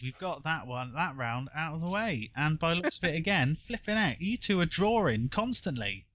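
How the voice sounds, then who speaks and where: A man's voice: fairly high pitch, expressive, normal speed, bright, forceful tone, dry recording. A man casually hosting a podcast quiz, playful and joking, rambling a little between questions. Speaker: quiz host.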